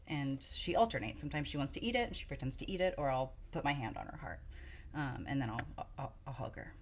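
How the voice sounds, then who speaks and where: A woman's voice: low-pitched, brisk. A woman co-hosting a casual parenting chat, speaking in a chatty, hedging way with many fillers. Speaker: podcast co-host, mother.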